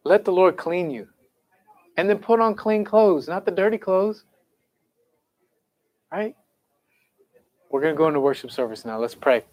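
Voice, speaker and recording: A man's voice: sits high, lively intonation, unhurried, pauses often, darkish tone, no echo. A young man telling a conversion story in a sermon to students and counselors, earnest and conversational, then leading a prayer. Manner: earnest, conversational, quotes people casually. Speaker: camp speaker.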